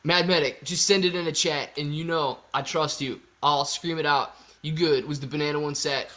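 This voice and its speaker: A man hosting a casual livestream, reading viewer super chats aloud in a slangy, excitable way with sudden loud bursts. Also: fairly high pitch, moderate pace. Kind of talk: casual live-stream chat.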